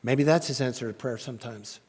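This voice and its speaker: A man preaching a sermon in a church, chatty and questioning, rising loudly when he reads scripture. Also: mid-range voice, a little fast, breathy edge. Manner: conversational, asks the congregation questions. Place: church sanctuary. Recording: long church reverb.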